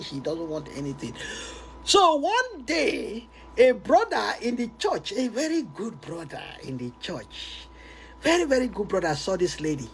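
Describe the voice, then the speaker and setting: A male preacher tells a story with animated, laughing energy. His voice sits high and swings widely. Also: a little hiss or hum, poor audio. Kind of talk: storytelling sermon.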